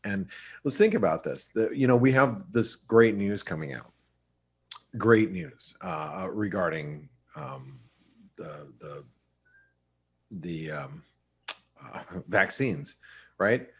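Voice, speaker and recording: A man's voice: deep voice, lively intonation, takes it slowly, pauses often, slightly rough. A man giving casual, rambling market commentary on a webinar, with many restarts and fillers. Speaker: market analyst co-host.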